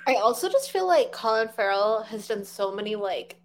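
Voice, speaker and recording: A woman's voice: medium pitch, very animated, normal speed. A young woman in casual chat as a podcast co-host, chatty with lots of fillers.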